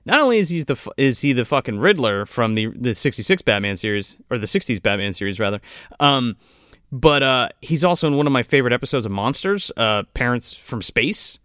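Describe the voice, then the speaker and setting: Man, podcast co-host, swears a lot, laughs often, lively pitch, dry sound. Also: fairly quick, no room sound. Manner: swears constantly, laughs often, acts out movie lines. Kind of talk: casual movie-review chat.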